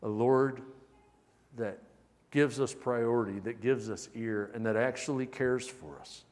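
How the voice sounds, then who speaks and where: A man's voice: mid-range voice, unhurried. Man preaching in an echoing hall. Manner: animated preaching, swinging from loud emphasis to soft intimate delivery. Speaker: pastor. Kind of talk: sermon.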